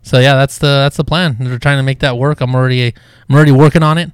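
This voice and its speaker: A man's voice: mid-range voice, steady tone, fast talker, smooth, dry recording, clean studio sound. A man co-hosting a casual podcast, laid-back, laughing often and swearing freely. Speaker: podcast co-host. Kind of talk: casual chat.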